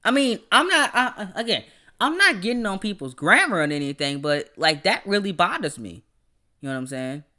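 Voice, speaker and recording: Man, podcast host, bright tone, animated, stammering repeats, casual rant. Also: high-pitched, normal speed. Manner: rants, laughs often. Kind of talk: casual livestream chat.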